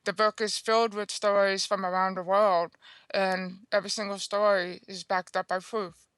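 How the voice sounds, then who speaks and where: A woman's voice: mid-range voice, flat delivery, moderate pace, fairly bright tone, smooth, no echo. A woman guest author telling a personal story in an interview, earnest and chatty, often checking in with the listener. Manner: chatty, earnest, checks in with "okay?" and "you know".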